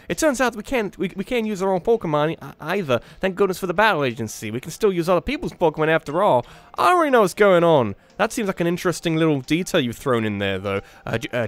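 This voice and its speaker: A man hosting a let's play, giving rambling, animated gameplay commentary with frequent restarts. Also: a little high, quick pace, no echo. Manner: animated, rambling, self-interrupting.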